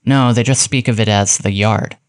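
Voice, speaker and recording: A man reading aloud and voicing an excitable male helper who translates overheard talk in a hurried, eager way. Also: lowish voice, natural voice.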